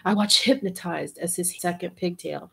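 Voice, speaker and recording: Breathy woman reading softly with wry asides. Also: on the low side, normal speed. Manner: soft, half-whispered reading broken by wry, cursing asides. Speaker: reader and commentator. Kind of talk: intimate reading aloud with asides.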